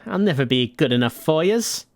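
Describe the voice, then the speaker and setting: A man's voice: on the high side, expressive, normal speed, no echo. Brief: man doing a swaggering mob boss in a crime game, clipped slang, dry close mic. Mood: brash. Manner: tough-guy slang, clipped. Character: cocky young male mob boss, brash and smooth.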